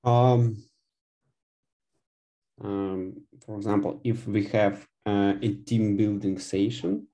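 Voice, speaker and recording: A man's voice: fairly low pitch, little pitch movement, slow, pauses often, dark tone. A man learning English, answering hesitantly with many fillers. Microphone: video call.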